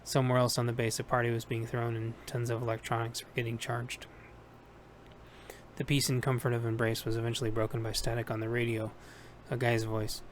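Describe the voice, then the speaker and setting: A man narrating an audiobook in a steady, plain reading voice with small self-corrections. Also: mid-range voice, brisk, slight background noise. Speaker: audiobook reader.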